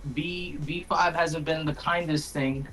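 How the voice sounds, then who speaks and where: A man's voice: on the high side, steady tone, unhurried, music in the background. A man being interviewed about a match, talking in a laid-back, rambling way and swearing now and then. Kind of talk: casual chat.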